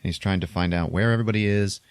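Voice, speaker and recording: A man co-hosting a podcast, casually retelling a movie plot with animated acted-out quotes and laughter. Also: low-pitched, rapid-fire, clean tone, dry recording. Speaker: podcast co-host. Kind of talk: casual movie recap chat.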